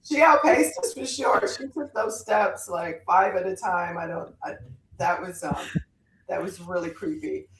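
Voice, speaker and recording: A woman guest on a podcast, chatting casually and telling a lively story with laughter. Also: fairly low pitch, a little slow, roomy sound, noisy background. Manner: animated storyteller, laughs often. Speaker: guest author.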